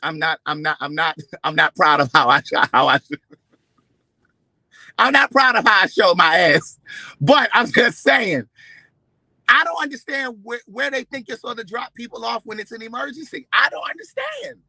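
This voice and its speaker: A man with a high, very bright voice tells a story to his camera in an animated way, with plenty of profanity. He acts out the lines of each person in it. The sound is close and dry. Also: moderate pace, creaky, no room sound, low-quality recording. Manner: expressive, profane, acts out quotes with big swings in loudness. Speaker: vlogger.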